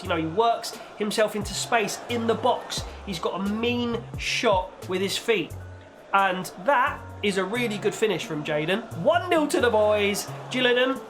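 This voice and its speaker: A young man commentating on his own football video game match, chatty with viewers and bursting into shouts when his team scores. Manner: excitable, shouts and leaps in pitch on goals; chatty, talks to viewers as "guys" and "boys". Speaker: gaming YouTuber.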